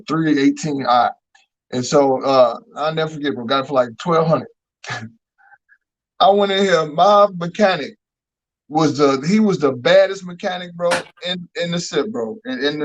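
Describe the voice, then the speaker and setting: High-voiced, profane storyteller. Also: male voice. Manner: profane, animated, acts out quoted dialogue. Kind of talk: casual storytelling chat. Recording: dull lo-fi recording.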